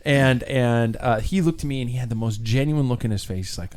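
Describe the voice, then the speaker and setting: A man's voice: medium pitch, a little fast, few pauses, darkish tone, a little hiss or hum. A man hosting a casual cycling chat, telling a rambling story with many restarts and fillers. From United States.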